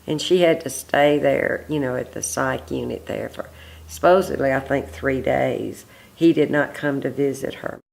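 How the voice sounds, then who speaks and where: A man's voice: mid-range voice, moderate pace, vocal fry, poor audio. A man recalling events as a witness in a documentary interview, speaking in a loose, reflective way.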